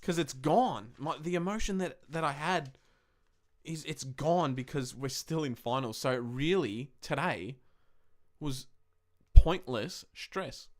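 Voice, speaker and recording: A young man hosting a live-stream football review, talking in an excitable, emotional way and swearing often. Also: a little high, slow pace. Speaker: podcast host.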